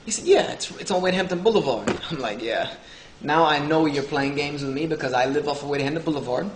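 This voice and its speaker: Speaking fairly quickly in an expressive voice on the high side, a man from the Southern United States recounts a humorous personal story to an audience. He jokes and voices other people's lines, with slight background noise and faint ambience in an echoey hall.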